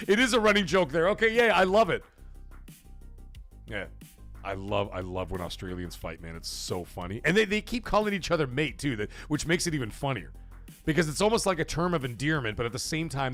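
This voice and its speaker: A man's voice: mid-range voice, very animated, a little fast, a bit bright, soft background music. A man hosting a casual livestream from a home game room, rambling, swearing, laughing often and reading chat aloud. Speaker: livestream host.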